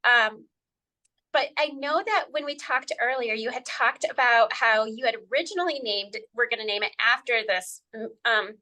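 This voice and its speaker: A woman's voice: fairly high pitch, normal speed, sharp tone. A woman hosting a podcast interview, chatty and bubbly, asking questions in a casual way. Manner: bubbly, chatty, laughs often. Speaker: podcast host.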